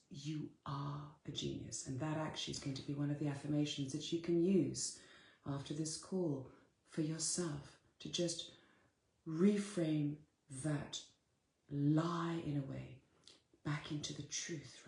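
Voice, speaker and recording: A woman's voice: deep voice, mellow, roomy sound. A woman giving a live-streamed motivational talk, earnest and direct, repeating her key phrases to her listeners. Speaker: spiritual coach.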